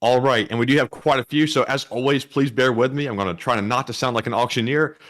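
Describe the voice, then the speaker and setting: A man co-hosting a livestream, reading donor names in a steady voice and stumbling over his words now and then. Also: medium pitch, fast talker. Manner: steady, reads long name lists, stumbles at times. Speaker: co-host reading donations. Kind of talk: casual livestream chat.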